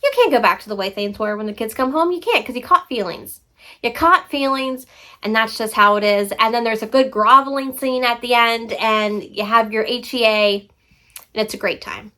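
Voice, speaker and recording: A woman's voice: fairly high pitch, moderate pace, bright, forceful tone. A young woman book vlogger chatting casually and enthusiastically about novels she has read, tripping over words now and then. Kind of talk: casual book review vlog.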